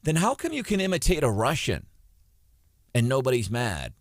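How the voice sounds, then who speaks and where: A man hosting a talk radio show, opinionated and animated. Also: medium pitch, normal speed, dry recording, studio quality. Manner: opinionated, animated, takes calls. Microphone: studio microphone.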